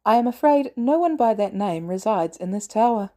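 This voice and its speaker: A woman's voice: medium pitch, normal speed, lightly acted. A woman reading a cool British AI butler. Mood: coolly polite. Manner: formal, calm, precise.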